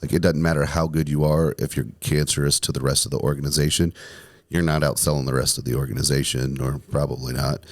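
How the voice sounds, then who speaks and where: Salesman co-host, male, extremely deep voice, easygoing casual talk. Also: level tone, quick pace. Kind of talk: casual chat.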